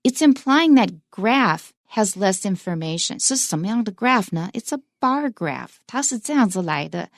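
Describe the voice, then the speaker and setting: A woman's voice: mid-range voice, big pitch swings, normal speed, hardly any pauses, no room sound. Woman english teacher on a lesson show, switches between english and mandarin, dry close sound. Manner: explanatory, mixes English with Mandarin. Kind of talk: bilingual radio English lesson.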